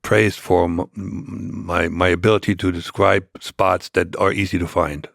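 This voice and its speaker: An older man, a podcast guest, telling a long story in a halting way with many restarts. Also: sits low, steady tone, vocal fry, fairly bright tone, no echo, clean studio sound. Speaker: interview guest.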